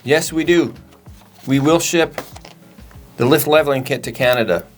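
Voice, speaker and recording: A man's voice: on the high side, moderate pace, soft background music. Matter-of-fact man answering questions. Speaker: parts store co-host answering questions. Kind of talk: casual Q&A chat.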